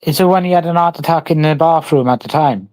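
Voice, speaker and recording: A man chats on a livestream in a blunt, crude, mocking way. His voice sits a bit high for a man. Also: quick pace, darkish tone. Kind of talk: casual chat.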